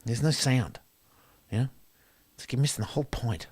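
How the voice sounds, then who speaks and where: A man doing a profane stand-up rant, swinging between loud outbursts and quiet asides. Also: medium pitch, normal speed, slightly rough. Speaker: comedian.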